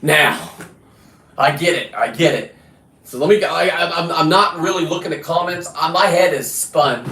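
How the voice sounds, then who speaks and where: Middle-aged guy, rambling profane livestream rant, pitched a bit high, reverberant room. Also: moderate pace, vocal fry, pushed and bright. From California. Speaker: livestreaming diver and fisherman. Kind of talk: ranting livestream monologue. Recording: roomy echo.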